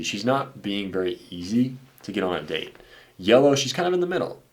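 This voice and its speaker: A man's voice: lowish voice, big pitch swings, fairly quick. A man coaching on dating, talking bluntly and casually, calling listeners "dude" and "man" and swearing now and then. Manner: blunt and laid-back, says "dude" and "man" a lot, swears. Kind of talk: casual commentary reacting to viewer messages.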